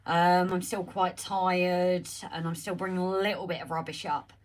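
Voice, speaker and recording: A woman hosting a casual home live stream, chatty and greeting viewers by name, her voice slightly croaky as she recovers from being ill, talking into a phone on a holder. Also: lowish voice, flat delivery, moderate pace. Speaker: livestream host.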